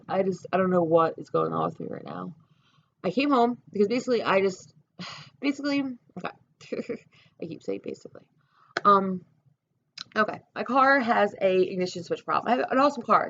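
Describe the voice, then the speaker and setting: A woman's voice: mid-range voice, pushed and bright, lo-fi sound. A woman rambling profanely and self-deprecatingly in a casual vlog, talking to her own camera. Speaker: vlogger. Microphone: camera mic.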